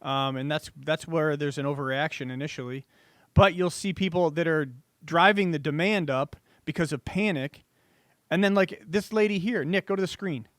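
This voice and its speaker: A man's voice: a little high, moderate pace, dry recording, studio quality. A man co-hosting a market talk show, speaking casually with many restarts and sounding irritated. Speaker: co-host.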